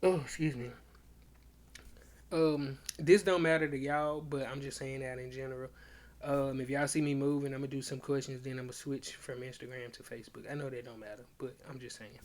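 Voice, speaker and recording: A man's voice: medium pitch, steady tone, normal speed. A young man, a comedian hosting his own podcast, telling stories in loose slang and acting out both sides of old arguments in casual livestream chat.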